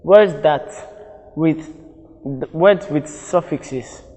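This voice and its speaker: This exam-prep teacher, a man with a Nigerian accent, speaks deliberately, repeats words for the class to drill, and corrects himself mid-lesson. His higher-pitched, dark-toned voice echoes as if in a large hall, and the audio is poor.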